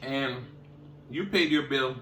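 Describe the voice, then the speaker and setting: In a slow, mid-range voice, this cooking vlogger talks casually to viewers while eating, humming loudly as he savors his food. The mukbang chat is reverberant, with slight background noise.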